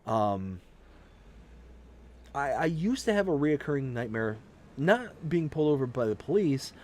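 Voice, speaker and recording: While live streaming a farming game, a man with a slightly mellow mid-range voice chats casually with viewers, reading out and thanking their chat messages. He tells a long personal story in a rambling way, restarting often.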